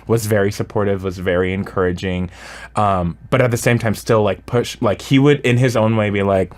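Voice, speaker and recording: A man's voice: lowish voice, fairly even intonation, moderate pace. A man talking as a radio guest, chatting casually and giving advice, full of "like" fillers.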